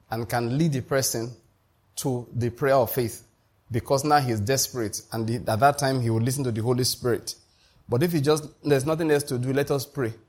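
A man delivering a sermon in a mid-range voice. He preaches emphatically, climbing higher and louder on his key points, and keeps asking the congregation to follow along and repeat after him. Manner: emphatic preaching, rising in pitch and volume to drive points home; asks the congregation to repeat and confirm. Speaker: pastor.

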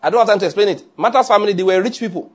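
A man's voice: sits high, racing, slightly rough. A man preaching a conversational sermon, often checking that listeners follow.

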